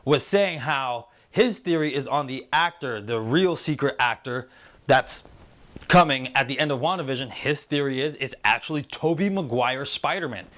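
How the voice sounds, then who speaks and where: A man hosting a casual spoiler review show, excitedly retelling scenes and acting out the characters' lines. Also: mid-range voice, moderate pace. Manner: excitable, animated retelling with quoted voices. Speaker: show host reviewing a TV series.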